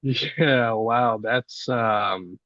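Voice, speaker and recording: A man talking as a guest in a casual podcast conversation, relaxed and musing, quick to laugh. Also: medium pitch, no room sound, highs cut off.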